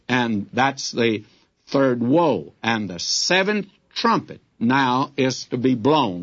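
Preacher, male, husky voice, animated delivery, dull lo-fi old recording. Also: medium pitch. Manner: earnest, folksy direct address to listeners. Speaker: Bible teacher. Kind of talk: radio Bible teaching.

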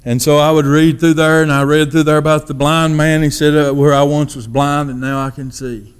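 A man giving his testimony as a sermon, in a folksy storytelling manner that drops to a hush for quoted thoughts. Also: on the high side, level tone, moderate pace, smooth.

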